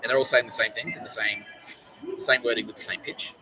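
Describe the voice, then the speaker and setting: A man's voice: on the low side, fairly even intonation, quick pace, background noise. An Australian man hosting a podcast, delivering a profane, rambling monologue and mocking the people he talks about. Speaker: podcast host.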